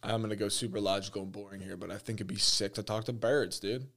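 A man's voice: lowish voice, fairly even intonation, fast talker, fairly bright tone. A young man hosting a podcast in casual chat, talking in a laid-back slangy way with many fillers and frequent laughs. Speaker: podcast host.

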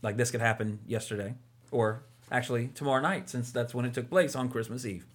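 A man's voice: medium pitch, a little fast. A man co-hosting a casual movie podcast, talking enthusiastically and rambling with lots of fillers. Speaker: podcast co-host.

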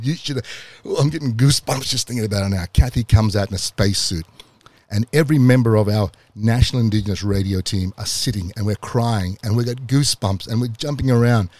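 A man with an Australian accent tells his own story in a low, mellow voice. He builds from easy recounting to swelling excitement and moments near tears. The sound is dry and close, with no room around it. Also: fairly quick, dry recording. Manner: emotional, passionate retelling that builds to excitement. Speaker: podcast host telling his own story. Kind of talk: personal storytelling.

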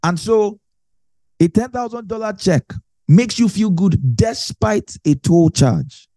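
A man's voice: sits high, expressive, slow pace, warm tone, dry recording. A man giving a conversational Bible teaching, explaining with everyday examples and repeating phrases for emphasis.

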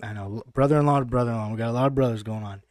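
A brash man talking through his sports bets on a podcast, swearing freely and sure of every pick. His voice sits at an ordinary middle pitch. The sound is dry and close, with no room around it. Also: rapid-fire, darkish tone, dry recording. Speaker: podcast co-host. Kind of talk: casual sports betting chat.

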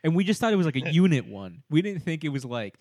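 A man's voice: fairly high pitch, very animated, fast talker, darkish tone, no room sound, clean studio sound. A man chatting casually, reacting with laughter and exclamations. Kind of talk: casual chat.

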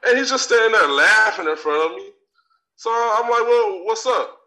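A man's voice: sits high, normal speed, bright, forceful tone. A man playing a brash, cocky talk-show star who rants profanely, in a live comedic stage bit. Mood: swaggering rant. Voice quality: profane, swaggering delivery. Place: theater stage. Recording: distant live recording with crowd noise.

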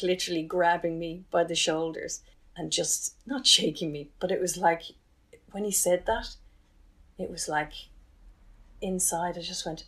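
A woman, recounting a painful chapter of her life in an interview with candid, halting restarts. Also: on the low side, fairly even intonation, fairly bright tone. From Ireland. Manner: candid, halting, emotional retelling with many restarts. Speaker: interview guest. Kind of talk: personal storytelling.

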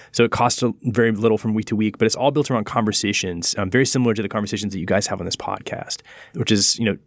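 A man, a pastor and podcast guest, telling a personal story in an earnest, reflective way and slowing down on key words. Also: fairly low pitch, no echo, studio quality.

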